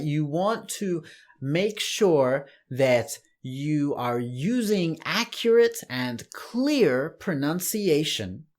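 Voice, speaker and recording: A man giving a casual online English lesson, relaxed and chatty, with light laughs and restarts. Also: fairly high pitch. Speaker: English teacher.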